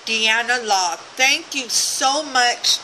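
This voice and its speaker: Woman, craft vlogger, gushing, slow delivery, higher voice, background noise. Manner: gushing, exclaims often. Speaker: craft vlogger opening a swap package. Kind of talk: casual unboxing chat.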